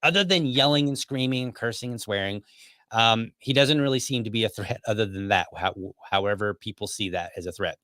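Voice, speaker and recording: A man's voice: lowish voice, brisk, bright, forceful tone, no echo. A man hosting a podcast, telling a story casually with many restarts and asides. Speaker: podcast host.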